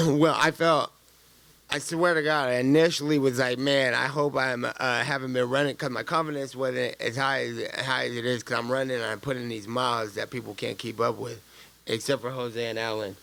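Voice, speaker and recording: A man's voice: mid-range voice, steady tone, normal speed, creaky, a bit bright, no room sound. A man in his thirties answering press conference questions, blunt and profane, with loose street slang and rambling answers. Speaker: fighter at a post-fight press conference.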